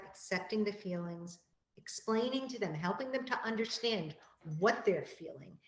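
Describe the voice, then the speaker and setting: A woman school counselor giving a calm, gentle, explanatory presentation to parents, repeating key phrases. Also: on the low side, echoey room, rough recording.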